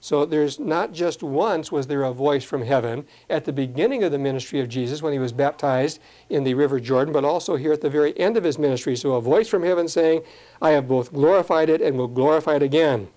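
Guy preaching a sermon, mellow kinda high voice, slows way down on scripture. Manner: earnest teaching tone, reads scripture slowly, asides in plain talk.

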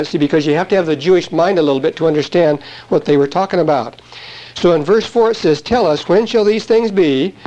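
A man's voice: on the high side, warm tone, dull audio. A man, a pastor, teaching verse by verse from the Bible in a conversational, explanatory way with asides to his congregation, recorded on an old sermon tape.

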